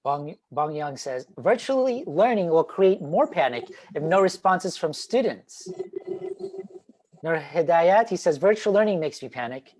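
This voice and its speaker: A man giving an online talk on teaching, animated and demonstrative, swinging between loud and quiet. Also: on the high side, unhurried. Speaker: teacher trainer. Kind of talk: online presentation. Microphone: video call.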